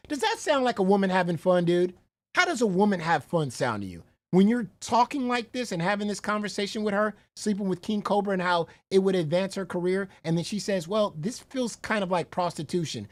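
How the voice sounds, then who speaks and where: A woman's voice: medium pitch, sing-song, moderate pace. A woman streamer reacting live in casual commentary. Her voice swoops widely up and down as she talks bluntly and incredulously, laughing a lot and swearing freely in slang. She sits at a streaming mic.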